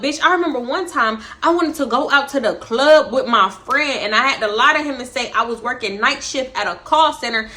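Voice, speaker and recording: A young woman tells a story in an animated, brash, profane style. Her voice is bright and forceful and sits a little high. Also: brisk, hardly any pauses. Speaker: vlogger. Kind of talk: storytime vlog.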